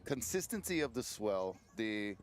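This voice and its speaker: A man's voice: on the low side, very animated, measured pace. A man giving color commentary in a laid-back, rambling way, full of "you know" and small chuckles. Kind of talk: live sports commentary.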